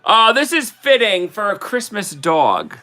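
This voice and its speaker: A woman in a casual video, reading short holiday poems aloud slowly and sing-song, with chatty asides between them. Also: mid-range voice, wildly swooping pitch, sharp tone. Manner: giggly, reads verses slowly and sing-song. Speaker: vlogger.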